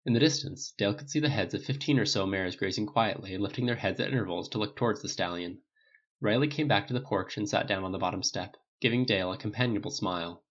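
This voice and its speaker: A man narrating a novel aloud, lifting his voice slightly for each character's dialogue. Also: lo-fi sound. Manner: reads all characters with small pitch lifts in dialogue. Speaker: audiobook narrator. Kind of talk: scripted narration.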